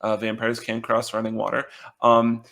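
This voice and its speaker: A man's voice: fairly low pitch, monotone, moderate pace, creaky, a bit bright. A man co-hosting a casual podcast chat, talking in a hesitant way full of ums and uhs, with a dry, wry delivery. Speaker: podcast co-host.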